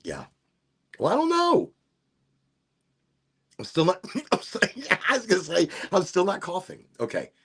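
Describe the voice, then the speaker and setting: A middle-aged man rambles through a casual livestream chat while high, laughing and poking fun at himself. His voice is gravelly and a little husky, sits fairly high for a man, and swoops widely in pitch. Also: huge pitch swings, a little slow, pauses often, fairly bright tone. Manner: rambling, laughing, self-mocking. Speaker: livestream host.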